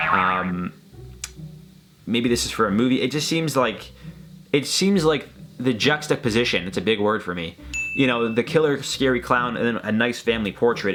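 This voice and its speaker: A man hosting a reaction video, talking in a rambling, hesitant, joking way. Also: mid-range voice. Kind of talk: casual commentary.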